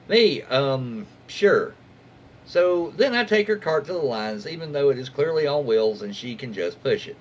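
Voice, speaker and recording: Animated man reading internet stories. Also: mid-range voice, measured pace, lo-fi sound, slight background noise. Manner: chatty asides, reacts to what he reads. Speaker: reddit story reader. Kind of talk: casual story reading.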